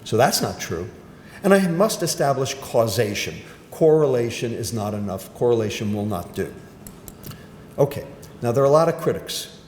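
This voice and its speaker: A man's voice: lively intonation, moderate pace, darkish tone. An older man giving a medical lecture, emphatic and punchy, often asking and then answering his own questions. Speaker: physician giving a grand rounds lecture. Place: lecture hall. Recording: roomy hall echo with faint rumble.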